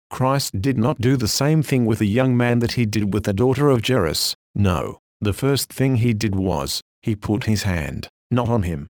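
A man preaching a sermon aloud, his delivery formal and measured in an old-fashioned pulpit style. His voice sits at an ordinary middle pitch. The recording is close and dry, with no room sound. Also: darkish tone, dry recording.

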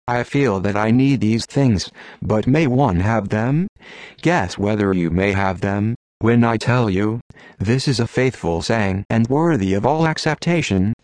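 A man reading a sermon aloud in an earnest, measured, exhorting manner. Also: on the low side, darkish tone, no echo. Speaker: preacher. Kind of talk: read sermon.

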